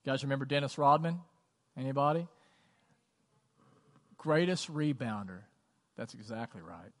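A man's voice: medium pitch, moderate pace. A man preaching a sermon as pastor, conversational and earnest, repeating phrases for emphasis. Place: church sanctuary. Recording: long church reverb.

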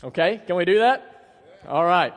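A man in his thirties, a pastor preaching a sermon in a church, telling stories in a relaxed, conversational, self-deprecating way. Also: sits high, moderate pace. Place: church sanctuary. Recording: long hall reverb.

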